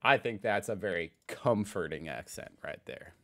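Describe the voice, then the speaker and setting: A man's voice: fairly low pitch, normal speed. A young American man with a General American accent, musing casually and self-deprecatingly while reacting to a video. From United States. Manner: relaxed, musing, self-deprecating, laughs often.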